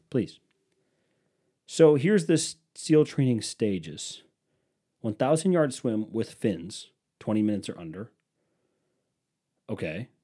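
A young man hosting a solo podcast. He rambles casually, swears freely, and pokes fun at himself. His voice has a mellow, darker tone, and his pitch swings widely as he talks. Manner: rambling, profane, self-mocking. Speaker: podcast host.

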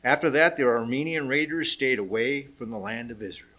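A man preaching a sermon, reading scripture aloud and telling the story with animated, dramatic voice changes. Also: medium pitch, brisk. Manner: animated storytelling, raising and dropping his voice for effect. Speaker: pastor.

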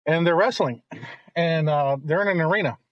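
A middle-aged man, the host's father, telling long rambling stories in casual chat and turning animated when he quotes others. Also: a little high, normal speed, no room sound, lo-fi sound.

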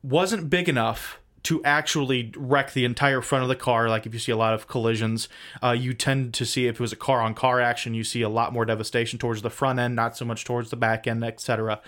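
A man's voice: medium pitch, fairly even intonation, a bit bright. Rambling, joking male podcast host. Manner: rambling, self-deprecating, quick asides. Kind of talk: casual livestream podcast chat.

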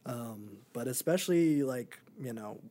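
A man's voice: mid-range voice, lively intonation, measured pace, dark tone. A young man and podcast co-host in a casual movie review chat, rambling with many ums and likes.

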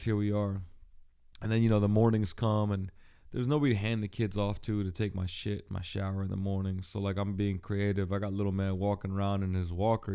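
A man hosting a podcast, talking alone in a halting, profane, emotionally raw way, with many restarts and fillers. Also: low-pitched, creaky, dark tone. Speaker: podcast host. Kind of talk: personal solo monologue.

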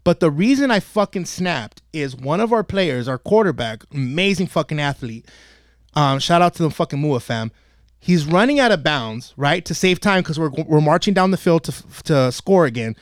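A man with a high, bouncy voice tells a story full of swearing on a comedy podcast. He acts out everyone in it and gets worked up as he talks. He is recorded dry and close in a studio. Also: normal speed, no echo. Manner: animated, swears constantly, acts out quotes. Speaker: podcast host and youth football coach.

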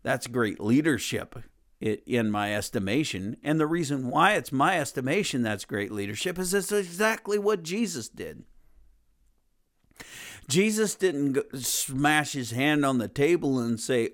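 A man's voice: mid-range voice, animated, unhurried. A man preaching a conversational sermon in an earnest, plain-spoken way, often repeating and restarting his phrases.

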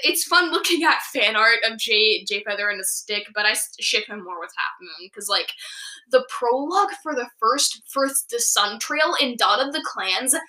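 A woman's voice: fairly high pitch, animated, normal speed, bright, forceful tone, echoey room, rough recording. A young woman hosting a casual chat, rambling enthusiastically as a fan and asking her friends questions.

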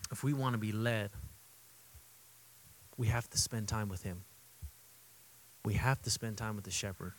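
A man preaching a sermon as pastor, conversational and repetitive for emphasis, moving between loud emphatic bursts and quiet intimate asides. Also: lowish voice, rough recording. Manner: conversational, repeats himself for emphasis.

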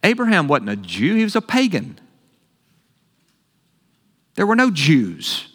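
A man's voice: a little high, wildly swooping pitch, unhurried, fairly bright tone, slightly rough, in a large hall. A man preaching a sermon as pastor, enthusiastic and exclaiming with delight at the text.

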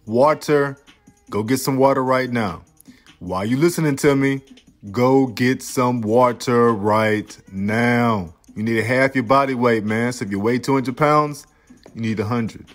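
Energetic slangy man, motivational vlog. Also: mid-range voice. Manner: energetic, slangy, emphatic, swings between loud and soft. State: close to tears at times. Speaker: self-help video host. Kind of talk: motivational casual talk to camera.

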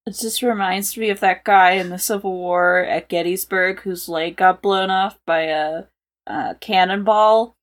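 A woman in casual comedic podcast chat, trading deadpan quips and laughing easily. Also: medium pitch, measured pace.

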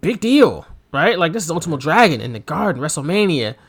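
Man, podcast co-host, fairly high voice, animated storyteller, laughs a lot. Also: brisk, slightly rough. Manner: animated storyteller, laughs often, acts out quotes. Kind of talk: casual wrestling podcast chat.

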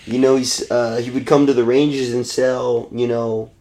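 A man in a casual podcast chat, telling rambling stories with halting restarts and casual swearing. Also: medium pitch, little pitch movement, mellow.

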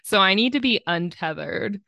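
A woman co-hosting a podcast in casual, playful chat, brisk and competitive in tone. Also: mid-range voice, lively intonation, vocal fry, bright, forceful tone, no room sound, dull audio. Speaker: podcast co-host.

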